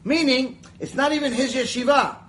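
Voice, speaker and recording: A man teaching Mussar as a Torah teacher tells animated stories, doing the voices of the people in them and straying into chatty side remarks. His voice is very high at a normal speed, and the poor audio has a little hiss or hum.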